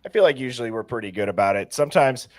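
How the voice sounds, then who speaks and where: A man hosts a casual livestream, working through viewer comments and greeting each person warmly by name. His voice sits at an ordinary middle pitch. The sound is dry and close, with no room echo. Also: lively intonation, very fast. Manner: upbeat, greets viewers one by one. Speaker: livestream host.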